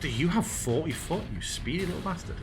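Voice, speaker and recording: A man acting as game master, narrating combat in a relaxed, playful way. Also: a little high, brisk, over music. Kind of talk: running a tabletop game online.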